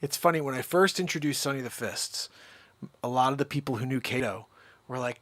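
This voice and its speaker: A male comedian chatting casually to camera in an animated, rambling way. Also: mid-range voice, a little fast, no room sound.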